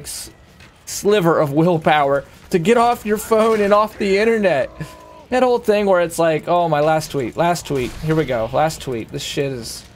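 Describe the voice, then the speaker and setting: A young man streams a game and rants casually but heatedly, swearing a lot and wandering from one thought to the next with profane, emphatic energy. His voice is high-pitched, with a faint hiss or hum on the recording.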